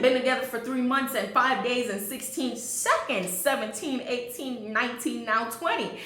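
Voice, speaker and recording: A woman's voice: fairly high pitch, moderate pace, fairly bright tone. A young adult woman telling a storytime vlog, chatty and laughing, talking straight to her viewers. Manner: chatty, addresses viewers as y'all, laughs often. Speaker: vlogger. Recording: roomy echo.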